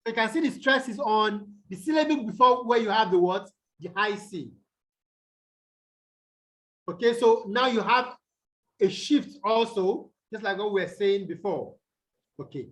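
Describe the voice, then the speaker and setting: A man's voice: high-pitched, unhurried, pauses often, fairly bright tone, rough recording. A man from Nigeria teaching an online English lesson, asking the class questions and checking in with "okay?" again and again. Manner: checks in often with "okay?" and "the what?". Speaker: English tutor. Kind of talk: online tutorial on stress rules. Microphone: video call.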